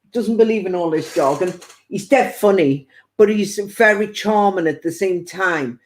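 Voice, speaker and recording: A woman's voice: mid-range voice, moderate pace, a little mellow. A woman working as a spiritual medium, giving a chatty live-stream psychic reading and passing on spirit messages with playful quoted asides.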